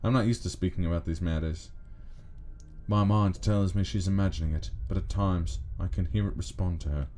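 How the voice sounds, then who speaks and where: A man voicing a mournful middle-aged husband worried about his ill wife, speaking gravely. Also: deep voice, fairly quick, warm tone, a little hiss or hum, lightly acted.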